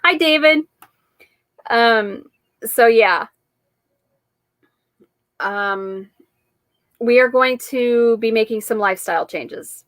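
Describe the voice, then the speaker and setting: A woman's voice: a little high, slow, pauses often, fairly bright tone, no room sound. A woman hosting her weekly live-stream chat, talking in a rambling, chatty way with frequent laughs.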